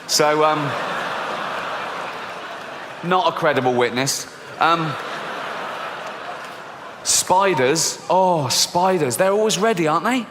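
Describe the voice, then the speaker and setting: A middle-aged man with an English accent delivers a stand-up comedy set in a blunt, sweary way. His voice sits a little high for a man. It carries a long theatre reverb over a faint hiss. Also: slow, long pauses. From England. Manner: animated storytelling with squeaky high voices for children. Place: large theatre stage before an audience. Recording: live theatre recording with long hall reverb.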